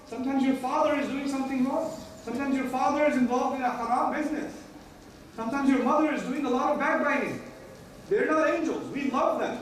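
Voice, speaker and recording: American guy preaching friday sermon, high voice, big echoey hall, mic a ways off. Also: far from the mic, a little hiss or hum. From United States. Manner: emphatic, repeats key phrases, acts out quoted dialogue. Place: mosque prayer hall.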